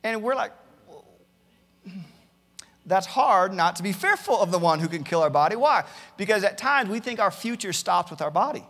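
Male pastor, sermon, somewhat high gravelly voice, big reverberant church hall. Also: very animated, a little fast, hardly any pauses, a bit bright. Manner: earnest preaching, reads many Bible verses aloud, repeats words at starts. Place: church campus, large hall.

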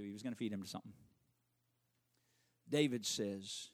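A man preaching a sermon, animated and conversational, who repeats his key phrases and makes quick asides to the congregation. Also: lowish voice. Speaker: pastor.

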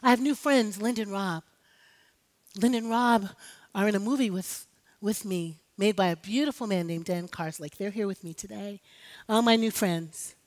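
A woman's voice: mid-range voice, normal speed. A woman preaching an impassioned sermon, rallying the congregation with call-and-response. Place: church sanctuary. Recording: live hall with long reverb.

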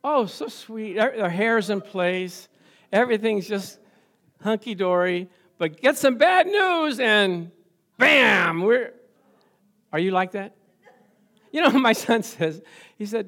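A middle-aged man preaches in a church, with a voice that sits notably high for a man. He keeps the tone conversational, acts out quoted voices and chuckles often. He keeps calling on the congregation for amens. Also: lively intonation, measured pace, a bit bright. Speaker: pastor. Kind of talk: sermon.

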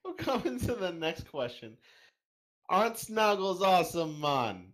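A man's voice: high voice, very animated, unhurried, a bit bright. A man hosting a casual podcast interview, reading out listener questions and trying silly voices. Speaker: podcast host.

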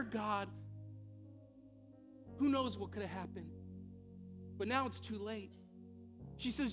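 A man's voice: extremely high pitch, takes it slowly, long pauses, a bit bright, faint music behind. A man preaching a sermon as pastor, acting out the people in the story and building to impassioned peaks. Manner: acts out quoted voices in dialogue.

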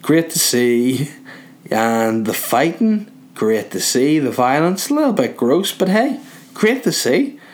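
A man's voice: mid-range voice, big pitch swings, takes it slowly. A young man from Northern Ireland with a Northern Irish accent, rambling through a crude comic monologue while relaxing in bed. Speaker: vlogger.

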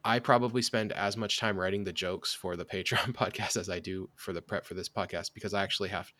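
A man with a notably deep voice hosts a sports podcast in loose, rambling chat. He talks in a self-deprecating way and leans on fillers. The sound is close and dry. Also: steady tone, fairly quick, pushed and bright, no echo. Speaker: podcast host. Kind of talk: casual sports chat and sponsor read.

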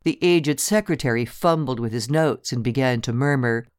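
A man reading a story aloud as narrator, with a measured storytelling delivery. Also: mid-range voice, clear, resonant tone, no room sound, clean studio sound. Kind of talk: audiobook narration.

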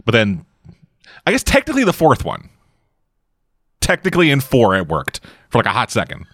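A man chats through a film in casual commentary, rambling and leaning on filler words. His pitch is mid-range but moves around a lot. The recording is dry, with no room sound. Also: huge pitch swings, normal speed, a bit bright, no room sound. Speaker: co-host reacting to a film. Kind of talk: casual watch-along commentary.

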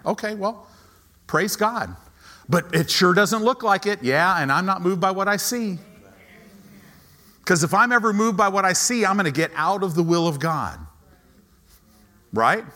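A male pastor preaching a sermon in a church sanctuary, animated, swinging between hushed asides and loud peaks. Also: high-pitched, unhurried, long pauses. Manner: animated, dramatic shifts between hushed and shouted.

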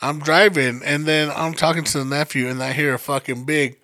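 A man's voice: on the high side, fairly even intonation, normal speed, pushed and bright, dry recording. A young man telling a story in a casual chat, profane and laughing as he goes.

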